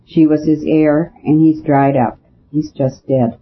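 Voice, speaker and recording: A man reading as a rough, blunt army captain. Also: on the high side, steady tone, unhurried, natural voice. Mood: grieving. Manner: sharp, rough. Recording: dull lo-fi with faint hiss.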